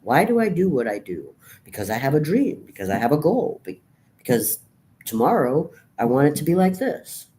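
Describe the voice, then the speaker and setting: A woman's voice: low-pitched, very animated, moderate pace, dark tone. A woman in her fifties, depressed and weary, talking in a profane, rambling, bleak monologue to her camera. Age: 50s. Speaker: vlogger.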